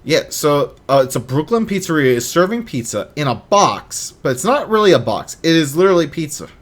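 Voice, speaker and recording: A man in his thirties hosting a casual podcast chat, jokey and animated, swinging between loud bursts and mumbles. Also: fairly high pitch, brisk. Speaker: podcast host.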